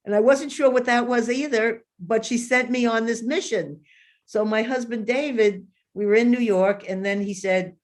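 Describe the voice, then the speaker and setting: A woman in her fifties, a guest in an interview, telling a long personal story in an animated way and acting out the voices she quotes. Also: a little high, moderate pace.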